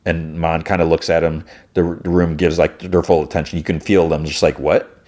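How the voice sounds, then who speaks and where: A man's voice: sits low, little pitch movement, a little fast, darkish tone. A man hosting a podcast, rambling casually through a recap with lots of "he's like" and restarts. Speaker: podcast host.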